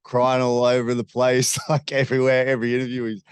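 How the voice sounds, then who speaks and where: A man's voice: medium pitch, completely flat delivery, a little fast, clean tone, no room sound. A man, hosting a casual chat, blunt and opinionated and swearing freely.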